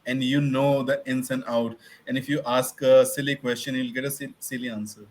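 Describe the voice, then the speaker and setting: A man's voice: mid-range voice, fairly even intonation, moderate pace, low-quality recording. Frank, teasing man with faint noise behind. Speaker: co-host. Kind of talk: casual chat.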